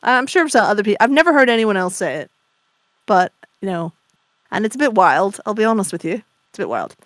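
A chatty, opinionated woman holding forth in casual podcast talk over a video call. She explains with gusto, her voice at a middling pitch for a woman. The sound is dry and close. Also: animated, fast, no echo. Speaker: podcast co-host. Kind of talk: casual chat.

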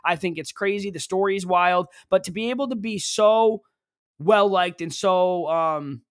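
A man's voice: high voice, no room sound, clean studio sound. A young man co-hosting a podcast, chatting casually and rambling, often acting out quotes. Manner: rambling, animated, quick to act out quotes. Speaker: podcast co-host. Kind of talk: casual chat. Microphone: studio mic, dry booth.

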